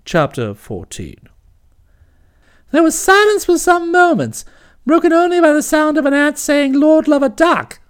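A woman narrating a comic novel aloud in an expressive, storytelling manner. Her voice is high and full of lively swoops. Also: a little slow, long pauses. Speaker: audiobook narrator.

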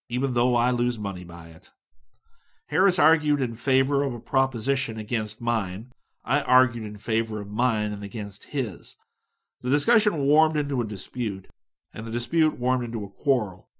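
A man narrating a humorous old travel tale in a mid-range voice. His reading is measured and steady, and his delivery stays dry and wry throughout. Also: mid-range voice. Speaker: audiobook narrator. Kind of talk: scripted narration.

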